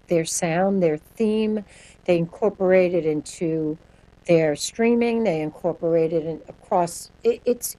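A woman speaking as a sonic branding guest in an interview, answering in a quick, animated way and laughing often. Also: fairly low pitch, low-quality recording.

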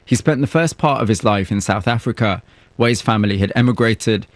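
Speaking at a fairly low pitch, this male radio host reads a scripted narration and poses sympathetic, measured questions to interviewees. There is no room sound.

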